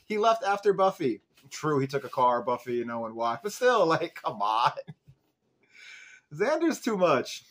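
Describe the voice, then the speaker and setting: A man's voice: medium pitch, normal speed, hardly any pauses. A man hosting a fan show, casually recapping a TV episode in a chatty way, full of "like" and "um". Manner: chatty, peppered with "like" and "um", animated retelling. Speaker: show host reviewing an episode.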